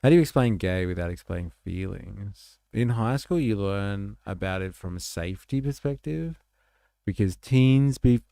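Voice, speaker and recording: A man's voice: fairly low pitch, lively intonation, moderate pace, gravelly, no room sound, clean studio sound. A man hosting a live stream, chatting casually and joking as he reacts to clips. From Australia. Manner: laid-back, joking, swears freely, laughs loudly.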